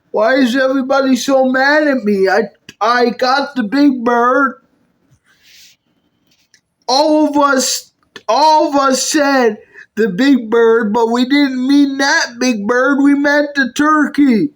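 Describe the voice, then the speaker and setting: High slow voice doing a whole skit. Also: fairly even intonation. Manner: switches between several character voices, bickering. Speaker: puppet video maker. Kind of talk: comedic skit performing all characters.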